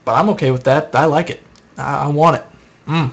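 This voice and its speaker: Young male streamer, somewhat high voice, sleepy and rambling, casual chat to viewers at a desk mic. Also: steady tone, a little fast, gravelly, husky, highs cut off. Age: young adult. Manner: rambling, casual, answers viewer questions aloud. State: tired. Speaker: live streamer answering chat. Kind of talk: late-night live stream chat.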